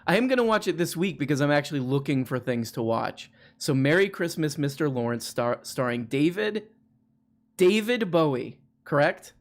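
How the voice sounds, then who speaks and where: A man hosting a live online show, talking in a loose, rambling way and joking with a caller. He often restarts his sentences. His voice sits a little high for a man. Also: very animated, moderate pace. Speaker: livestream host. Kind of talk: casual chat with a caller.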